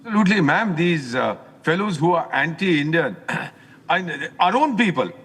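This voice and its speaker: Older man, ex-diplomat commentator, lecturing and indignant, fairly high voice, long reverb on the line from a car. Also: big pitch swings, normal speed, fairly bright tone, slightly rough. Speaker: former ambassador, guest commentator. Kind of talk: phone-in commentary while driving.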